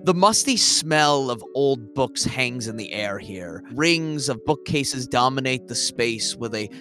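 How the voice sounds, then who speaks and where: Lively game master narrating scenes. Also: male voice, mid-range voice, measured pace, faint music behind. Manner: descriptive, lively narration with asides.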